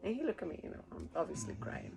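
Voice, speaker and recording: A woman's voice: low voice, huge pitch swings, quick pace, creaky, very noisy. A woman from Rica, telling a rambling story casually, laughing often and swearing freely. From Costa Rica. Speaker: cruise ship worker.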